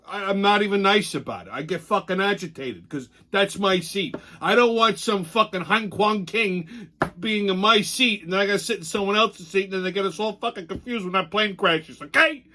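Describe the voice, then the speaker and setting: A man's voice: high-pitched, fairly bright tone. A man hosting a show, delivering an angry, profane ranting commentary. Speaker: show host.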